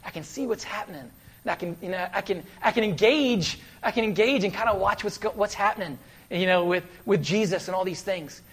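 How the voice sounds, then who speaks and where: A man preaching a sermon, telling stories animatedly and swinging between loud bursts and soft, hushed asides. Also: sits high, fairly quick, slightly rough. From West Virginia.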